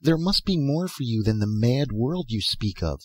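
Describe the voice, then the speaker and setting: A man reading aloud and voicing a gentle, mournful young woman from a dream world, speaking tenderly and softly. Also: mid-range voice, expressive, moderate pace, husky, dry recording, voice pushed up. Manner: tender, soft-spoken pleading.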